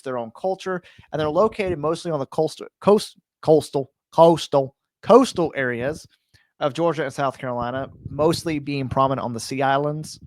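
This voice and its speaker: A man co-hosting a casual paranormal podcast, building up a story with dramatic pauses and lots of "you know". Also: fairly high pitch, no room sound, studio quality. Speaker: podcast co-host.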